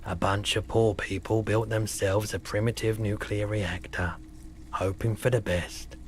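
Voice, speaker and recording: A man's voice: fairly low pitch, flat delivery, unhurried, slight background noise, natural voice. An actor playing a weary, bitter male pawnbroker in a video game, telling a grim story in a somber, resigned way.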